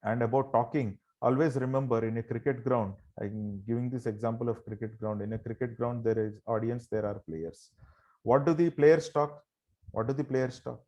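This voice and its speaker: A man's voice: mid-range voice, mellow, dull audio. A man giving an online motivational session over a video call. He speaks emphatically, fires rhetorical questions at his listeners and keeps calling them "my dear friends". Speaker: motivational trainer.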